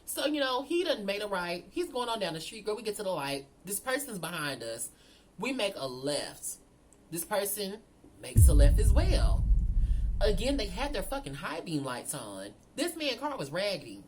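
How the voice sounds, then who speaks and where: A woman telling a storytime vlog, animated and profane, talking straight to her viewers. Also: mid-range voice, a little hiss or hum. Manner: animated, profane, addresses viewers as girl and y'all. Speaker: storyteller vlogger.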